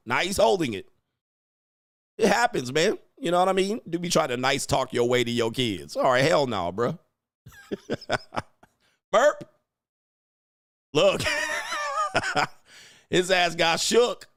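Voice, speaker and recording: Brash male reaction host, profane and laughing, lively delivery, dry room. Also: on the high side, slow pace, long pauses, no room sound. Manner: profane, blunt, laughing often. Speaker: reaction commentator. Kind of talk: casual video reaction commentary.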